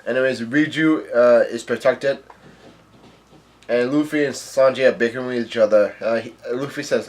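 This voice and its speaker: Man, casual manga recap, halting, stumbles on names, mid-pitched voice. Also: fairly even intonation, a little mellow. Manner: halting, stumbles over names, narrates dialogue aloud. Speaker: manga reader and video host.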